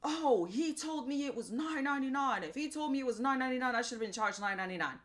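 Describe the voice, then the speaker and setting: A woman's voice: sits high, expressive, quick pace, pitched above the performer's own voice. A woman voicing a rude, angry male shopper who berates and swears. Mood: berating. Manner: loud, berating, profane.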